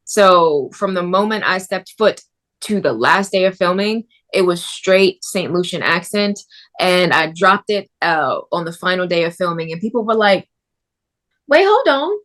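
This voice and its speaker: Animated actress in a lowish voice. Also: female voice, moderate pace. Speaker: actress, interview guest. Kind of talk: casual interview.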